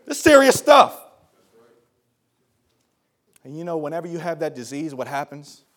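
A man preaching a sermon to a congregation, dropping to a hush and rising to shouts, repeating phrases for emphasis. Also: fairly high pitch, sing-song, moderate pace.

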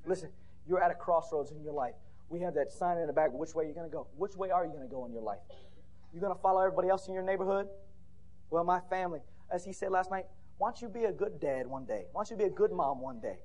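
A man with a notably high voice preaches at a church conference, firing off rhetorical questions one after another. He climbs to shouted peaks. His delivery is a full-blooded revival sermon. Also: fast. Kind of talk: fiery sermon.

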